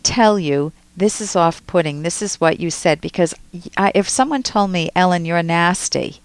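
A woman's voice: on the low side, normal speed, smooth, no echo. A woman hosting a call-in advice show, coaching a caller directly and acting out examples. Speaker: radio advice show host.

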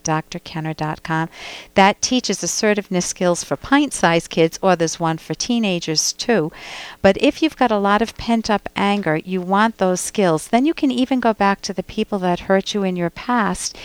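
A clinical psychologist hosts a radio call-in show, speaking into a close studio mic with a fairly low, clear, resonant voice and no echo. She gives direct, emphatic advice, often driving her points home with pointed rhetorical questions.

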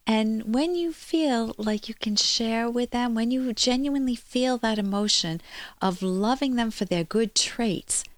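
A woman's voice: fairly high pitch, a little slow, no room sound. A woman clinical psychologist hosting a call-in radio advice show, talking to listeners in an earnest, explanatory way.

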